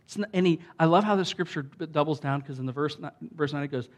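A man's voice: fairly high pitch, quick pace, few pauses. A man preaching a sermon in an emphatic, conversational way, with lots of asides to the congregation. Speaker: pastor.

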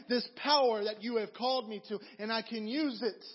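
A man with a very high voice preaches a sermon, winding through animated stories and repeated phrases. The recording is dull, with a long reverb that fills the hall around him. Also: normal speed, few pauses. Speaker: pastor.

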